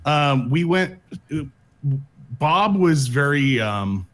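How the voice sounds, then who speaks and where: A man's voice: fairly high pitch, big pitch swings, drawn-out words, a bit bright. A man telling a long story in casual chat, rambling with many restarts. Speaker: streamer telling stories. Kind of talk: casual chat while gaming.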